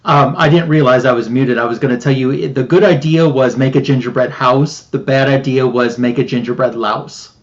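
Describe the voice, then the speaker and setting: A man's voice: mid-range voice, steady tone, normal speed, highs cut off. A man joining remotely as co-host, bantering and joking playfully. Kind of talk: casual banter.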